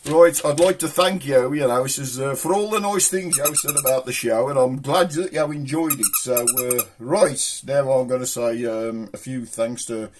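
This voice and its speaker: A man's voice: mid-range voice, normal speed, few pauses. A man hosting a comedy show in a jokey, rambling way. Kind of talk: casual comic monologue.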